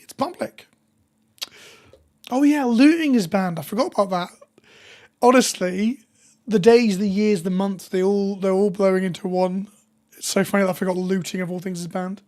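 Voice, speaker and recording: A woman with a hoarse voice, chatting casually with viewers on a live stream. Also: mid-range voice, a little mellow. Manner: chatty, reads viewer names and jokes with chat.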